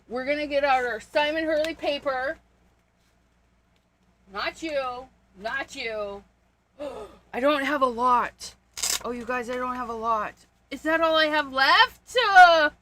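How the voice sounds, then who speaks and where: A woman's voice: sits high, unhurried, bright, forceful tone, a little hiss or hum. A woman hosting a casual card-making livestream, chatting to viewers while she rummages through paper and supplies, with frequent gasps and little laughs.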